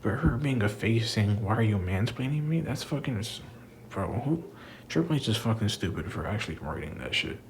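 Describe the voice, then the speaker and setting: Here a wrestling commentator vlogger, a young man, vents casually about wrestling in a low-ish, creaky, sing-song voice at normal speed. He's profane and exasperated, dropping "bro" constantly, and a faint hiss or hum sits under the recording.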